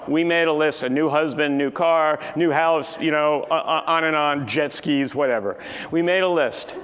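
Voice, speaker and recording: A man in his sixties giving a keynote talk, telling a family story with lively acted-out dialogue. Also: on the high side, moderate pace, a little hiss or hum. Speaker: keynote speaker. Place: large conference hall. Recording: distant echoey hall with faint ambience.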